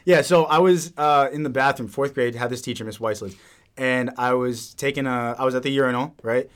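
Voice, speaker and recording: A young man hosting a podcast, telling crude stories in a rapid, animated, casual way. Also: medium pitch. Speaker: podcast host. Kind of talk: casual chat.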